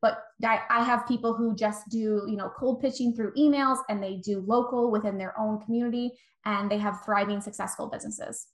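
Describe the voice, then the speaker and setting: A woman's voice: on the high side, steady tone, brisk, hardly any pauses. A woman in her thirties, a guest coach giving chatty, encouraging advice and acting out little quoted exchanges. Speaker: guest, virtual assistant coach. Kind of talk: casual podcast interview. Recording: echoey room.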